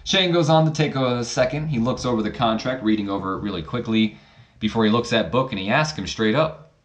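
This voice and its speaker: A man's voice: medium pitch, fairly quick. A man casually narrating a wrestling sim playthrough in a rambling, self-deprecating way. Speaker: channel host.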